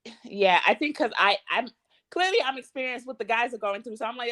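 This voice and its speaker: A blunt, animated woman in her thirties co-hosting a podcast chat, acting out arguments as she goes. Her voice is fairly high and swings widely in pitch. The sound is dry and close. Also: brisk, no room sound. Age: 30s. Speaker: podcast co-host. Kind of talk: casual chat.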